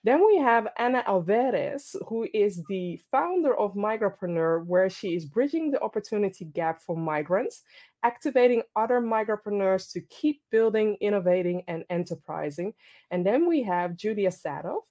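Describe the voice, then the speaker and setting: A woman hosting an online panel, speaking with energetic asides and frequent repeated phrases as she introduces her guests. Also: medium pitch, moderate pace. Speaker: host.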